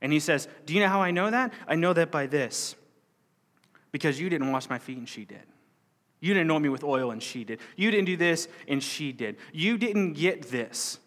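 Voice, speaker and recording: A man's voice: on the high side, lively intonation, moderate pace, a bit bright, long reverb tail. A man teaching a Bible parable in a loose, conversational way, acting out the lines of the people he quotes. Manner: conversational, acts out quoted speech. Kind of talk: sermon-style Bible teaching.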